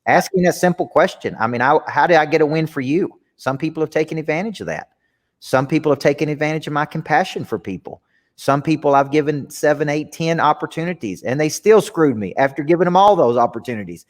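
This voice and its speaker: A man's voice: fairly high pitch, expressive, fast. Man, earnest, reflective, repeats words, long hall reverb. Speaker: business coach, guest. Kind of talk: candid interview conversation.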